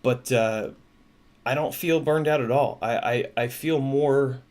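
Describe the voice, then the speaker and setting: A man hosting a casual livestream, talking in a halting, emotional way with many restarts. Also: mid-range voice, darkish tone. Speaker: livestream host.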